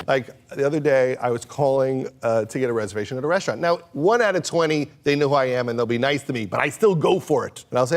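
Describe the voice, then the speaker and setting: A man telling a comic anecdote as a talk show guest, deadpan, slipping into quick voices. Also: medium pitch. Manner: deadpan storyteller doing voices.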